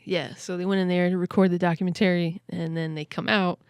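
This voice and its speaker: A woman hosting a podcast, telling a story in casual chat, excitable and quick to laugh. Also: lowish voice, clear, resonant tone, no echo, clean studio sound. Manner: excitable, laughs often, many "like" fillers. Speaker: podcast host.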